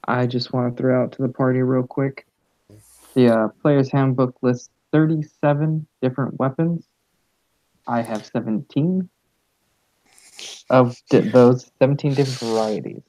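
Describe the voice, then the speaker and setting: Excitable, stammering man at the game table. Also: medium pitch, measured pace, long pauses, no room sound, poor audio. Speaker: player. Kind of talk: casual tabletop game chat.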